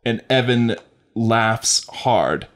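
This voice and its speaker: A man co-hosting a comedy podcast, casually pitching sketch ideas and acting out character lines as he goes. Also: extremely slow. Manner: animated, acts out lines and voices for characters. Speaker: podcast co-host. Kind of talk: casual sketch brainstorming chat.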